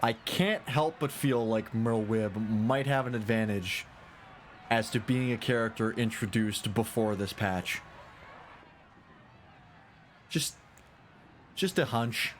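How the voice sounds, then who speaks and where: A man's voice: lowish voice, slow pace, pauses often, slight background noise. A man streaming a video game, making wry, casual comments and swearing now and then.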